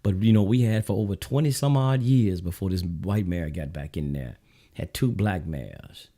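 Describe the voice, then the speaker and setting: A man's voice: deep voice, moderate pace, dark tone. A man with a Southern US accent hosting his own show, giving a blunt, preachy political monologue straight to his viewers. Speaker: show host.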